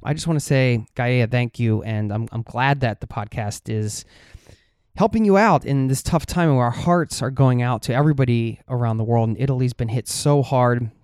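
A man's voice: mid-range voice, moderate pace, a little mellow, smooth, no room sound, studio quality. A man hosting a travel podcast, talking in an earnest, heartfelt way with frequent fillers. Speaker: podcast host. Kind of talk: casual podcast chat.

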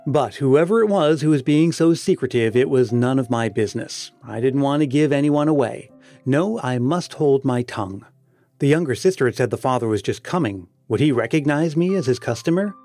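A man reading a story aloud as narrator, in a measured way that slows for emphasis. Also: mid-range voice, expressive, dark tone, no echo, soft background music. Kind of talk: audiobook narration.

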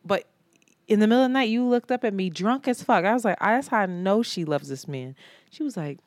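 A woman in her thirties co-hosting a casual podcast, telling animated stories, acting out friends' lines and laughing often. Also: medium pitch, fast, dry recording, clean studio sound. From Philadelphia. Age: 30s. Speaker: podcast co-host. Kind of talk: casual chat.

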